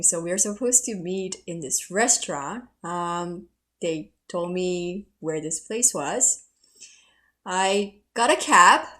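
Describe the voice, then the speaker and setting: A woman lecturer from South Korea speaks in a slow, unhurried rhythm, her voice sitting a little high. She tells her stories with an easy, self-mocking warmth between points of history. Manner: warm, storytelling, laughs at herself. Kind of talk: recorded lecture with personal stories.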